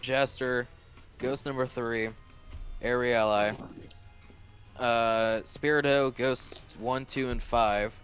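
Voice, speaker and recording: Bright-voiced young man running the game. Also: mid-range voice, fairly even intonation, takes it slowly, pauses often, faint music behind. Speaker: dungeon master. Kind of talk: casual tabletop game chat.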